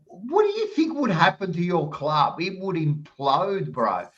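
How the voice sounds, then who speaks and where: A man's voice: sits high, sing-song, unhurried, a bit bright, dull audio. An Australian man hosting a footy chat show, blunt and heated, who swears freely and argues hard. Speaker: podcast host.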